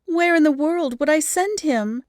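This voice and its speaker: Brief: woman doing a high, dramatic young lady, wailing and exasperated, dry close sound. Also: lively intonation, a little slow, darkish tone, no room sound. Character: flustered young society woman with an unruly dog.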